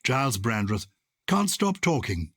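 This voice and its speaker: A man's voice: mid-range voice, very animated, a little slow, fairly bright tone, dry recording, studio quality. An older man co-hosting a podcast, jovial and self-mocking, with a theatrical way of talking. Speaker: co-host. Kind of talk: conversational podcast chat.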